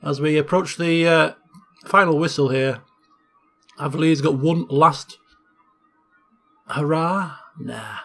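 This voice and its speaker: A man casually commentating over a football management game he plays, chatty and excitable. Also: a little high, takes it slowly, long pauses, faint music behind. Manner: chatty, bursts into excited shouting at goals. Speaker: Let's Play host.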